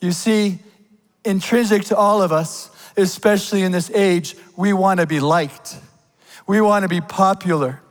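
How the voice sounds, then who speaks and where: A man preaching a sermon at a church service, impassioned and rhetorical, dropping to a hush and then rising to loud declarations. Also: long reverb tail, low-quality recording. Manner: swings between hushed, slow lines and loud, high declarations.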